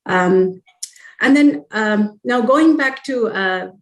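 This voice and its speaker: A woman's voice: medium pitch, animated, slow, roomy sound, poor audio. Hesitant woman moderating a panel. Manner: hesitant, many fillers.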